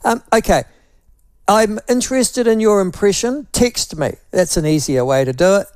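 A man's voice: sits high, lively intonation, normal speed, a little mellow, smooth, no echo, clean studio sound. A man with a New Zealand accent hosting talkback radio, teasing apart a phrase with wry, mocking repetition. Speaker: talk radio host.

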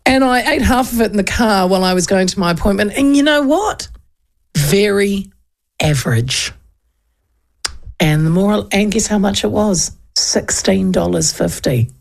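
Kiwi lady radio host, bit of fry in her voice, chatty and self-mocking, does the voices when she tells a story. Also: mid-range voice, moderate pace. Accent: New Zealand. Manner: chatty, animated, self-mocking, acts out quotes. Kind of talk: casual radio chat and storytelling.

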